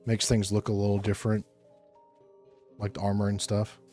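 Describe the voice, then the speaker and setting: Laid-back low-voiced streamer, mellow tone. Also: male voice, completely flat delivery. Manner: laid-back, rambling, thinks aloud between long pauses. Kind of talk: casual gameplay chat with chat. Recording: faint music underneath.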